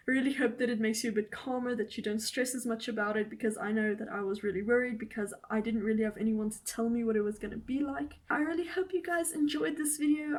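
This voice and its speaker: Lively young South African woman vlogging. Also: on the high side. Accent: South African Afrikaans. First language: Afrikaans. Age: young adult. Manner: animated, emphatic, mock-indignant. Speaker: vet student vlogger. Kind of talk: casual vlog talk to camera.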